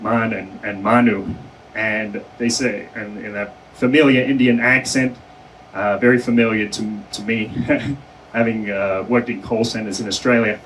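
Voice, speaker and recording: Male conference speaker, casual storytelling, mid pitch, heard from a distant mic with faint hum. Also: fairly bright tone. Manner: conversational, many fillers and self-corrections, laughs between phrases. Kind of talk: storytelling speech. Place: conference hall.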